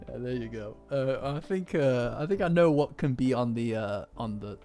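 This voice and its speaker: A man's voice: medium pitch, dark tone. Rambling self-mocking male streamer. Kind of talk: casual chat.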